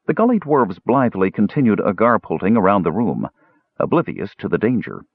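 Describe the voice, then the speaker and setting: Husky male audiobook narrator, lively expressive reading, dry close sound. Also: fairly low pitch, normal speed, no room sound, narrow, tinny audio.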